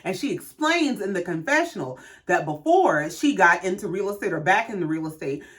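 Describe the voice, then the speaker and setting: A woman's voice: on the low side, expressive, fairly quick, a bit bright. A woman giving a casual, profane, sassy recap of a reality show, telling the story with lots of quoted lines.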